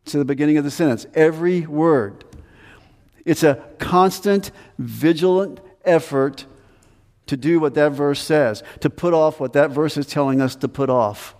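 A man's voice: a little high, normal speed, darkish tone, in a large hall. A man preaching a sermon as pastor, earnest and emphatic, repeating his commands.

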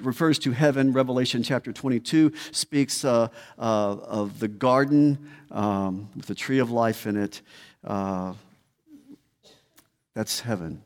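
A man preaching a sermon as pastor, emphatic and repeating key words. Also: medium pitch. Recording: long hall reverb.

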